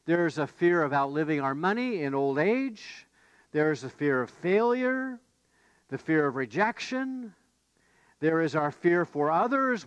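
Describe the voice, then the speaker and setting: A man's voice: a little high, smooth, no echo, lo-fi sound. Man preaching a sermon. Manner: conversational, with fillers and restarts, animated when voicing the disciples. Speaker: pastor.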